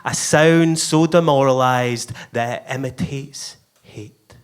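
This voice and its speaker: A man's voice: medium pitch, slow, clean tone. A man from Scotland with a Scottish accent, performing his own poem live at a venue in a rhythmic, emphatic way. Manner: rhythmic, emphatic delivery with playful voice shifts. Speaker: performance poet. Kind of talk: live spoken word poetry.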